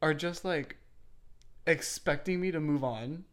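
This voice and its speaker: A young woman with a notably low voice chats freely with a friend. She laughs often and fills her sentences with "like." The tone is an unscripted catch-up. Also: measured pace. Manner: chatty, laughs often, many "like" fillers. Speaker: podcast co-host. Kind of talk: casual chat.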